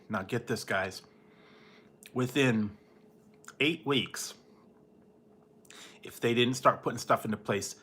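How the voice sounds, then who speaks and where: Male streamer, loose chatty ramble, quick to laugh. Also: medium pitch, a bit bright, slight background noise. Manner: rambling, laughs often, mimics people in goofy voices. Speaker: livestream host. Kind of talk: casual late-night livestream chat.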